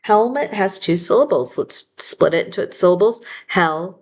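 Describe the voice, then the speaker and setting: A woman teaching a spelling lesson, sounding out words slowly and patiently one syllable at a time. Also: medium pitch, lively intonation, husky.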